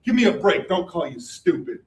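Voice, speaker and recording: A man's voice: sits high, sing-song, fairly quick. A man scolding in an exasperated rant. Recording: echoey room, far from the mic.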